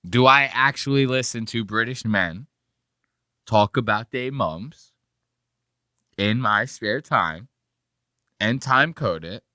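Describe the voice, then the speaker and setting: A man's voice: medium pitch, slow pace, long pauses, sharp tone, no room sound, studio quality. A man hosting a podcast, chatting in a rambling, joking and profane way. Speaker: podcast host. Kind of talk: casual podcast commentary.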